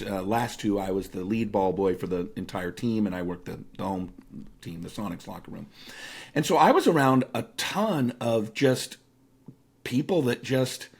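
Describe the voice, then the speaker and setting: A man in his fifties from the Seattle area, a guest telling lively anecdotes with frequent fillers in a casual interview. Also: mid-range voice. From Seattle area, United States. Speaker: guest, speaker and author.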